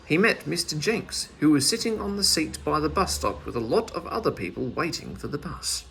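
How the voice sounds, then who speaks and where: A man reading a children's story aloud in a lively, expressive manner. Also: on the high side, brisk, gravelly, slight background noise.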